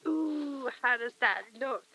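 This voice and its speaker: A woman's voice: medium pitch, slow, fairly bright tone, low-quality recording. A woman streamer chatting casually while she crafts, murmuring to herself and reading chat aloud on a very sensitive close mic.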